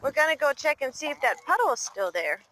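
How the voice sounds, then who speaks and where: High, lively woman cooing at her goose. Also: quick pace, background noise. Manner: sing-song baby talk to her goose. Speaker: pet vlogger. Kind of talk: casual vlog narration. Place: outdoors in a yard.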